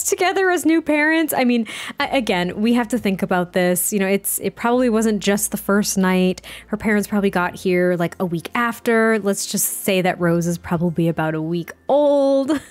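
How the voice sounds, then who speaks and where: A woman's voice: medium pitch, moderate pace. A young adult woman casually narrating a life-sim game in a chatty, exclaiming way. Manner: chatty, exclaiming, self-correcting. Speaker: let's play host. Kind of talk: casual gameplay commentary. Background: faint background music.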